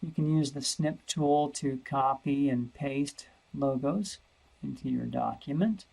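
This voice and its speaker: Man, math teacher, slow, gravelly, thinking aloud, screen-recorded lesson. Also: mid-range voice, a little mellow, rough recording. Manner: slow, thinking aloud, repeats words while searching.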